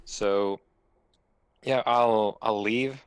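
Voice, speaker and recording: A man's voice: fairly low pitch, steady tone, very slow, clean tone, no echo. A man playing a tabletop game, talking hesitantly and chuckling as he plans moves. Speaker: player. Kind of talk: casual tabletop play.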